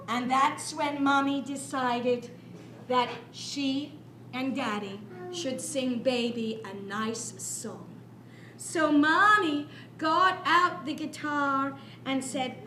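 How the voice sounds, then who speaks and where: A woman storyteller spins a tale for children with playful, animated delivery and sound effects. Her high, bright voice moves slowly and rings around a roomy library space with faint background noise. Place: library room. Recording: echoey room.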